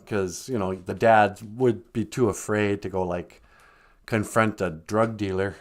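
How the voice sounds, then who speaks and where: A man's voice: fairly low pitch, lively intonation, unhurried. A man co-hosting a podcast in casual chat, joking and slipping into put-on voices. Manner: jokey, breaks into put-on voices. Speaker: podcast co-host.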